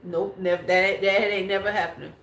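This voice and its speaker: A woman's voice: mid-range voice, flat delivery, brisk, fairly bright tone, a little hiss or hum. A woman in her forties hosting a beauty livestream, chatting casually and bluntly with viewers and swearing freely. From United States. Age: 40s. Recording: echoey room.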